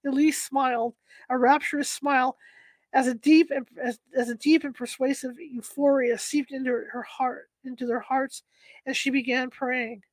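A woman narrating an audiobook in a steady, dramatic reading. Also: sits high, moderate pace, no echo.

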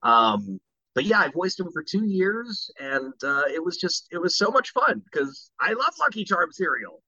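Casting note: bright, lively male voice actor, dry and slightly muffled mic. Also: fairly high pitch, normal speed, dry recording. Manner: animated storyteller who slips into voices. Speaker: voice actor guest. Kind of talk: casual podcast chat.

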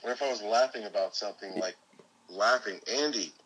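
A man's voice: on the low side, fairly quick, fairly bright tone, rough recording. A man from Florida, a guest calling in by phone, chatting casually and joking easily. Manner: easygoing, joking, chuckling storyteller. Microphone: phone call.

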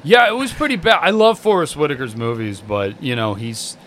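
Young guy cohosting, dry teasing jokes, bright voice, bit of faint noise behind. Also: mid-range voice, fairly quick. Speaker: podcast co-host. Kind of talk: casual podcast banter.

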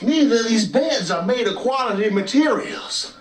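A man with a high, bouncing voice makes drawling wisecracks as he comments on what is happening. He sounds as if he is in an echoey room, with the noise of a crowd behind him. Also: expressive, moderate pace. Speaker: person in a played stream clip.

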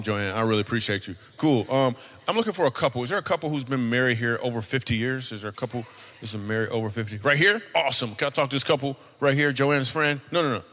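Teasing comedian working the crowd. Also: male voice, medium pitch, quick pace, a bit bright, long reverb tail. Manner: loose, teasing, conversational. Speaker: stand-up comedian. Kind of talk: stand-up crowd work.

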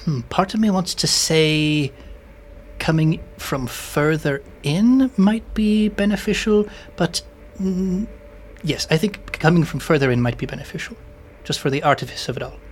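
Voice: mid-range voice, expressive, unhurried, faint music behind. Hesitant, giggly tabletop player. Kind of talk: playing a tabletop game.

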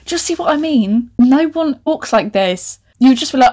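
Sarcastic young woman, a little high. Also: expressive, normal speed, hardly any pauses, darkish tone. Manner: incredulous, sarcastic asides with sudden squeals. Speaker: podcast host reading her old novel. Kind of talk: comic reading with commentary.

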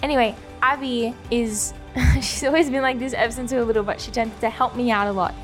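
A young woman with a slightly high voice talks candidly in a casual podcast chat, rambling and laughing at herself. She sounds self-deprecating and open. Faint music plays quietly behind her. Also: steady tone, a little fast. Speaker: podcast co-host.

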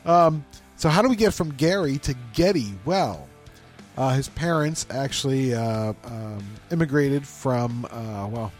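A man's voice: medium pitch, expressive, unhurried, soft background music. A man co-hosting a casual podcast, joking around and laughing often as he tells stories. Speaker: podcast co-host.

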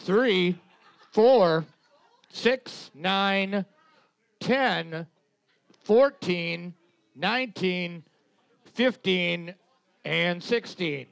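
A man keeping score at a bar trivia night, reading team numbers and trading dark deadpan jokes. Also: high-pitched, extremely slow, vocal fry, long pauses, smooth. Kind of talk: casual banter and reading scores. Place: bar room with audience.

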